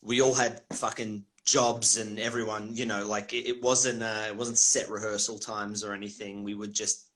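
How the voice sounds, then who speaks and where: A man's voice: fairly low pitch, little pitch movement, normal speed, few pauses, fairly bright tone. An Australian man, a comedian guest, telling rambling stories in a casual interview, swearing freely and laughing often. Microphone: video call.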